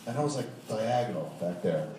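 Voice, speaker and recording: Talking a little fast in a slightly low voice, a male stand-up storyteller rambles through a profane, animated story and laughs at his own jokes. The clip is a distant audience recording from a live venue, echoey and noisy.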